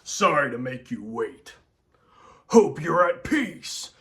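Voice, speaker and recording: A man's voice: a little high, big pitch swings, slow, pushed and bright, exaggerated voice. A man voicing Piccolo, stern alien warrior. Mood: solemn. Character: stern, proud male alien warrior mentor.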